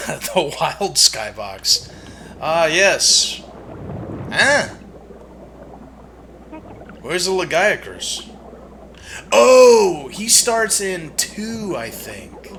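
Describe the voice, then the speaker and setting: A man's voice: on the high side, big pitch swings, extremely slow, sharp tone, a little hiss or hum. A man giving casual, joking and profane commentary while he streams a game. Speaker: gaming streamer. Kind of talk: casual let's-play commentary.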